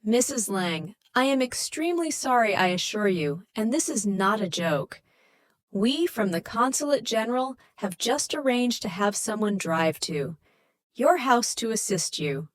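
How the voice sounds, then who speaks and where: A woman voicing a soft-spoken, formal and apologetic male diplomat on the phone. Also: mid-range voice, very animated, unhurried.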